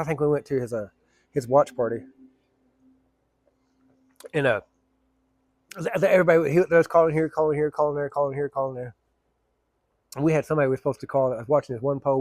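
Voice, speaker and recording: A man casually telling a long story, rambling and colloquial, with rough language. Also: mid-range voice, no room sound.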